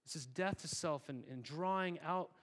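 Male pastor, slightly high voice, casual and earnest sermon storytelling, talks to the room like friends. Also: normal speed, fairly bright tone. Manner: conversational, earnest storytelling with fillers; addresses congregation as "guys".

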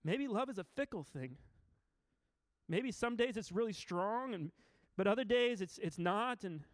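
A man's voice: sits high, expressive, unhurried, no echo, clean studio sound. A man in his thirties preaching a sermon in an earnest, informal way, often restarting his sentences. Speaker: pastor. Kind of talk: conversational sermon.

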